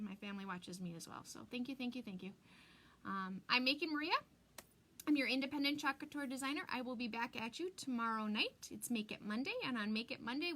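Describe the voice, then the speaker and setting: Chatty high-voiced woman craft host. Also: pushed and bright. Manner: chatty, rambling, reads viewer comments. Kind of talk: live crafting demo chat.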